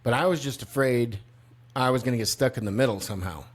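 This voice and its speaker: Older male podcast co-host, animated casual storyteller, mid-pitched everyday voice. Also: fast. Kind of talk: casual chat.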